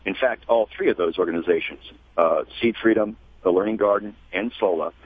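A man talking as a guest in a radio interview, measured and spelling out web addresses slowly. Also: on the low side, slightly rough, no echo. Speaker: guest, gardening educator. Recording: tinny phone line.

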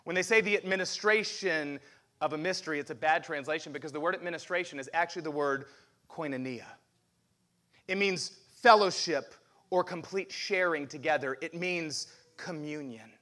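A man preaching a lively sermon as pastor, asking the congregation questions. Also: a little high, moderate pace.

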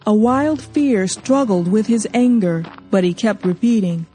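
A woman reading a novel aloud as an audiobook narrator, measured and expressive. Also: medium pitch. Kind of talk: storybook reading.

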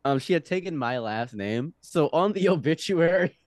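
A man's voice: fairly high pitch, normal speed, no echo, studio quality. Young man telling a wild story. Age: young adult. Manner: animated, laughing often, swings between hushed and loud. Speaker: podcast guest. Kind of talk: casual storytelling.

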